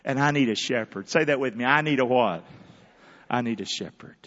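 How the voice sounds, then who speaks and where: A man preaching a lively sermon with call-and-response, swinging between hushed asides and loud shouts. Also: mid-range voice, a little fast, in a large hall, highs cut off. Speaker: pastor. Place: large church hall.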